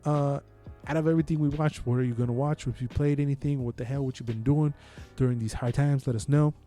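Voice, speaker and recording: A man's voice: mid-range voice, quick pace, faint music behind. A man co-hosting a podcast in casual chat, swearing freely and talking with emphatic energy. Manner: profane, animated and emphatic. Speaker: podcast co-host.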